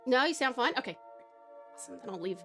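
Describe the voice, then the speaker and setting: A bubbly woman with an Australian accent chats warmly with her viewers, laughing often. Her voice sits high and leaps around with lively swings. Music plays softly behind her. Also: fast. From Tasmania, Australia. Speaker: streamer and story narrator. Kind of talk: live-stream chat and story reading. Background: background music.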